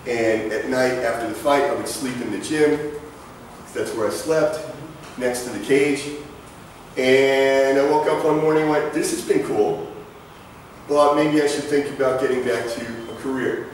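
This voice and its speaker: A man's voice: medium pitch, steady tone, unhurried, slight background noise. Brief: middle-aged male speaker, mid-range voice, chatty anecdotal lecture style, distant echoey room sound. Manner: conversational storytelling with asides and jokes. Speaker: guest lecturer. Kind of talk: presentation to students. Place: large lecture hall. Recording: echoey hall from far off.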